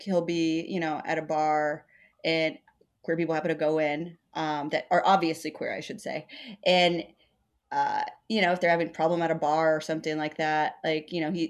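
A woman with a fairly low voice chats casually as a comedian. She rambles through stories, fills them with "like" and slips into little impressions of the people she quotes. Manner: rambling storytelling, acts out quoted voices, many "like" fillers. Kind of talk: casual podcast conversation.

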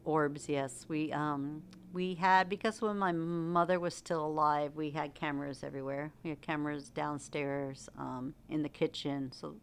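Middle-aged woman, low register, casual animated storyteller on a chat podcast. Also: moderate pace, hardly any pauses, slight background noise. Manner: animated storyteller who laughs and acts out quotes. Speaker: podcast co-host.

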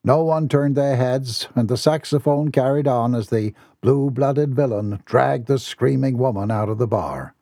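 A man's voice: medium pitch, a little slow, few pauses, warm tone, no room sound, studio quality. A man narrating a comic novel as an audiobook in a theatrical, wry manner. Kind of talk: scripted narration.

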